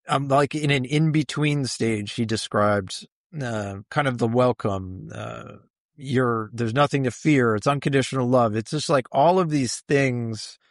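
A man's voice: medium pitch, no room sound, studio quality. A man being interviewed, recounting a personal experience in a reflective way, searching for words with many fillers. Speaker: interview guest.

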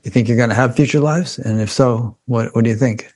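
A man hosting an interview, speaking in a halting, careful way with lots of restarts and fillers. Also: medium pitch, darkish tone. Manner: cautious and measured. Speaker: podcast host. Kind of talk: conversational interview.

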